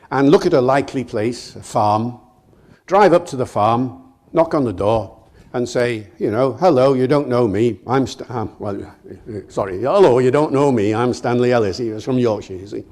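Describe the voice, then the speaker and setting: An older man giving a public lecture, telling stories in a lively way and speaking straight to the audience. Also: mid-range voice. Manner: storytelling, lively, addresses audience directly.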